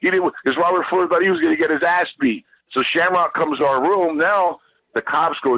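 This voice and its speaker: A man's voice: medium pitch, expressive, fairly quick, slightly rough, muffled recording. A man who is a guest on a podcast, telling a rambling, heated, profane story and repeating himself as he goes.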